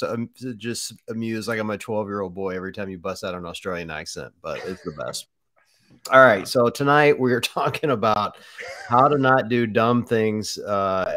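A man's voice: on the low side, a bit bright, no echo, clean studio sound. A man co-hosting a podcast in casual chat, blunt and jokey, swearing freely. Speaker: podcast co-host.

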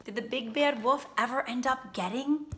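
A woman who teaches first grade, reading a picture book aloud to her class in a slow, expressive storybook manner. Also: a little high. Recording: roomy echo, faint ambient noise.

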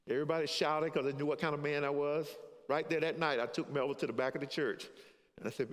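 An older male pastor with a high, tenor-ish voice, preaching and sharing his testimony. He drops to a hush, then rises to a preacherly call, chuckling at his own story. His words ring out with a long tail of reverb through a big church hall. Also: steady tone, fast. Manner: swings from hushed to raised, preacherly. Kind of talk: sermon with personal testimony. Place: church sanctuary.

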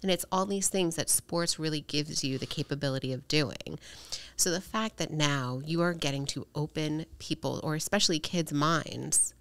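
Low-voiced chatty woman podcast host. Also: moderate pace, slight background noise. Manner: earnest, chatty, leans on "right?" and "like". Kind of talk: casual conversational interview.

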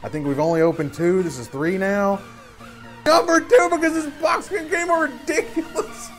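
A woman's voice: medium pitch, fairly even intonation, normal speed, soft background music. A woman hosting a live stream, hyped up and whooping, calling the viewers y'all as she opens card packs.

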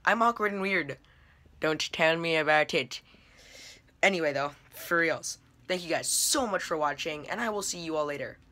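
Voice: medium pitch, moderate pace, bright, forceful tone. A chatty, self-deprecating vlogger talking casually to the camera. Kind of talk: casual vlog chat. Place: store, then at home.

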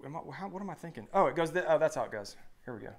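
A man's voice: on the high side, lively intonation, rapid-fire. A man in his thirties co-hosting a live stream, reading viewer comments aloud in an upbeat, joking way. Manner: upbeat, reads comments aloud, hums while scrolling. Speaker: co-host.

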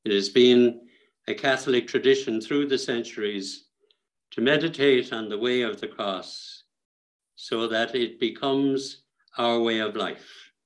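An Irish priest leading the Stations of the Cross outdoors, speaking in a measured, prayerful manner. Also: male voice, mid-range voice, rough recording. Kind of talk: prayer meditation. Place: outdoors on a hillside.

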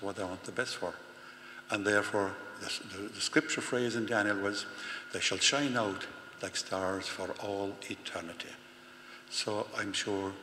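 A man, a parish priest giving a funeral homily in a halting way, repeating words and building emphasis. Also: lowish voice, bright, forceful tone. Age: 60s. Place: large church. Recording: echoey church with long reverb, faint hum.

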